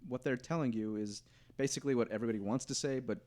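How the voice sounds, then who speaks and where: A man's voice: medium pitch, quick pace, a little mellow. A man in casual podcast chat, rambling and hesitant, restarting his sentences often.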